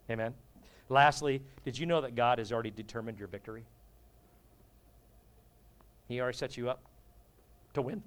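A male pastor preaching a sermon in a humorous, conversational way, often asking the congregation questions. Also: mid-range voice.

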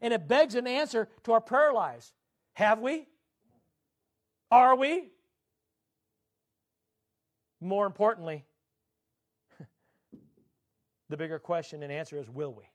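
A man preaching a sermon, emphatic, drawing out scripture quotes slowly and swinging his pitch up and down. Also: animated. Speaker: pastor.

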